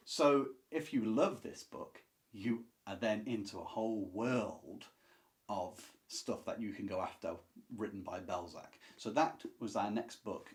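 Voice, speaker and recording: A man's voice: fairly low pitch, darkish tone. A man reviewing classic books to camera in a casual, enthusiastic, chatty way, with asides and restarts. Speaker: book reviewer.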